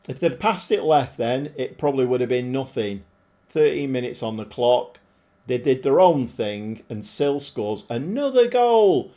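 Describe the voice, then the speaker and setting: A middle-aged man commentating live on his football management game, animated and often shouting at his players. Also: medium pitch, moderate pace, creaky. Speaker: game streamer.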